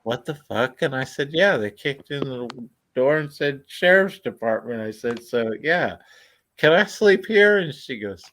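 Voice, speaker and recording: A man's voice: medium pitch, lively intonation, normal speed, fairly bright tone, slight background noise. Laid-back cursing man telling stories. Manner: laid-back, profane, laughs through his stories. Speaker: storyteller. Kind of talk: casual storytelling chat.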